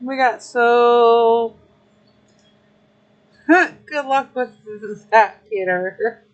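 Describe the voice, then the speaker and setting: A woman's voice: fairly high pitch, very slow, dull audio. A young adult woman livestreaming, chatting casually with her viewers, emotional and grateful. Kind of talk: casual live-stream chat.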